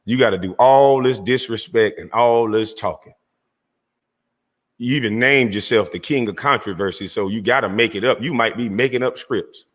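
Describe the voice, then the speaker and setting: Confrontational male streamer host, mocking tone, bright forceful voice. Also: mid-range voice, moderate pace, long reverb tail. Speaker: online show host. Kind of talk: heated livestream rant.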